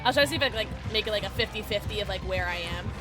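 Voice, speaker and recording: A woman streaming a game live, chatting with her viewers in a bubbly, excitable way, sometimes mumbling, sometimes shouting. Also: medium pitch, racing, over music. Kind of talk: live gaming stream chat.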